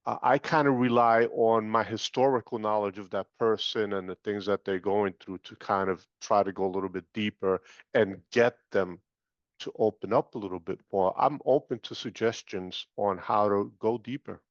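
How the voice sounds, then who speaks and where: A man's voice: fairly low pitch, fairly even intonation, moderate pace, dry recording. Man on dull, dry video call audio. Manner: informal, hesitant fillers. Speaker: participant asking a question.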